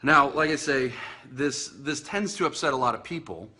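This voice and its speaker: Guy hosting a dog podcast, bright forceful voice, chatty, lots of ums and restarts. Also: mid-range voice, normal speed. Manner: chatty, self-teasing, many fillers and restarts. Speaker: podcast host and dog trainer. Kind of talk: casual video podcast monologue. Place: indoors in front of a Christmas tree.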